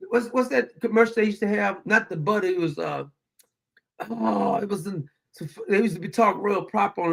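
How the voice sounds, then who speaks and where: High-pitched gravelly man, animated storyteller. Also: brisk. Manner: animated storytelling, laughing often. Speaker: show host. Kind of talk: casual monologue.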